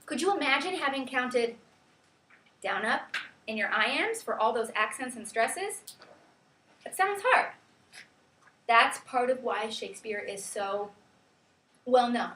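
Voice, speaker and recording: A woman teacher giving a lively classroom lecture, quizzing her students and counting out rhythms aloud. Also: fairly high pitch, takes it slowly, pauses often. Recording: echoey classroom from far off, faint hiss.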